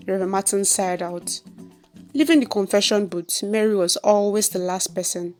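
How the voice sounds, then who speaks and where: A woman's voice: mid-range voice, moderate pace, faint music behind. Nigerian woman narrating a story.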